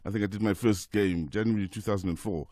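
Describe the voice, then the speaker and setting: A man's voice: fairly low pitch, fast talker, dry recording. A man in his forties, a football commentator telling stories in a radio studio interview. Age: 40s. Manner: lively anecdotes with quoted voices. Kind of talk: casual radio interview storytelling.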